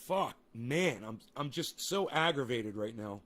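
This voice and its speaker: A man's voice: medium pitch, animated, a little slow, a bit bright. A young man ranting angrily and sarcastically at a viewer in his live-stream chat, swearing often and exasperated. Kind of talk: angry live-stream rant reacting to chat.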